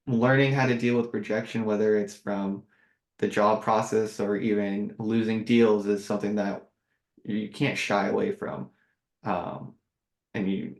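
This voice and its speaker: A man co-hosting a podcast in casual chat, relaxed and agreeable, swearing now and then. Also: on the low side. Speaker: podcast co-host, sales engineer. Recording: roomy echo.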